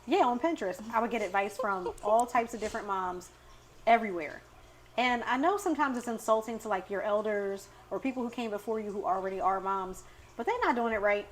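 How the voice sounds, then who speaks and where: Her mid-range voice runs a little fast over a bit of hiss or hum as she co-hosts a casual podcast chat. She tells stories with lively energy, performing the quoted lines.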